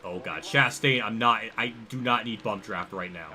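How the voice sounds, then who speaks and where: A young man livestreaming a racing game, rambling and thinking aloud as he reacts loudly to the action on track. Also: on the low side, normal speed. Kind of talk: live gameplay commentary.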